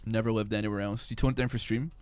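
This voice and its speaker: A man's voice: lowish voice, fairly even intonation, rapid-fire, clear, resonant tone, dry recording. Young Glasgow-accented man rambling on stream. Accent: Glasgow Scottish, softened. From Glasgow, Scotland. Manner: rambling, profane, full of "like" and "man". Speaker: game streamer. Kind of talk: casual live-stream chat while gaming.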